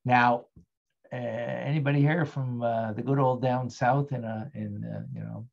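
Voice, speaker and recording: A man of middle pitch teaches an online Torah class in a relaxed, conversational way. He keeps putting questions to his students and thanks them by name. The sound is slightly dull and lo-fi. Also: measured pace, gravelly.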